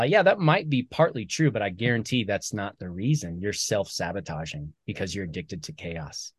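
A man, a military veteran and author, talking earnestly as a podcast guest, animated when he quotes other people. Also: on the low side, normal speed, hardly any pauses, husky. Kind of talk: conversational storytelling.

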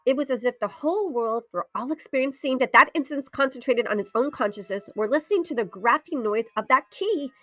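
A woman reading a ghost story aloud in a dramatic way, dropping into whispers and slowing down for suspense. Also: high voice, lively intonation, dry recording, soft background music. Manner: hushed, drops into whispers, slows for suspense.

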